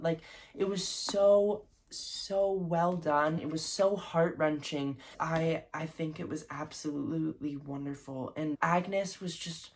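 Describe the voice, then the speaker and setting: A woman's voice: deep voice, unhurried, a little mellow, a little hiss or hum. A young woman reviewing her favorite books in a casual vlog, gushing and effusive, with lots of fillers and restarts. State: recovering from covid. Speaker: book vlogger.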